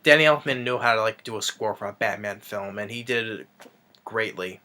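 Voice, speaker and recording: A man's voice: lowish voice, a little fast, pushed and bright, a little hiss or hum. A man casually recapping a movie as a reviewer, rambling with lots of fillers and restarts.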